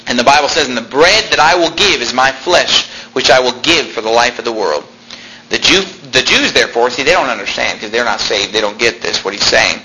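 A man's voice: mid-range voice, expressive, brisk, pushed and bright, a little hiss or hum, poor audio. A man preaching a sermon as a pastor, emphatic, repeating phrases and quoting old-fashioned scripture.

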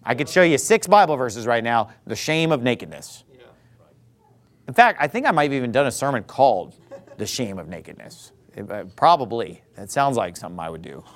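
A man's voice: mid-range voice, big pitch swings, brisk. A male pastor delivering an emphatic sermon, preaching hard and mocking his critics in mock voices. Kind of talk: fiery sermon.

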